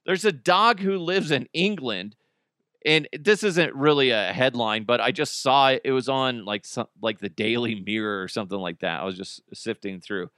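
A man's voice: medium pitch, moderate pace, a bit bright, smooth, dry recording, clean studio sound. A man hosting a podcast, delivering a crude, sarcastic comedic monologue and laughing often. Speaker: podcast host.

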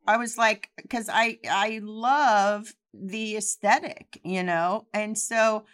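A woman's voice: mid-range voice, fairly even intonation, slow, a bit bright, smooth. A woman chatting casually, candid and rambling, with swearing and restarts. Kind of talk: casual chat.

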